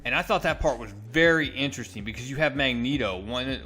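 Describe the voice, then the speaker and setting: A man's voice: mid-range voice, lively intonation, a little fast, bright, forceful tone, soft background music. A man casually recapping and reviewing a comic book issue, enthusiastic and recounting with small restarts.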